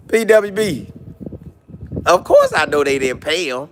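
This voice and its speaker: A man's voice: high voice, slow pace, slight background noise. A man chatting casually on a live stream, reading comments and riffing with jokes and repeated lines. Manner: animated, jokey, repeats lines, mock voices.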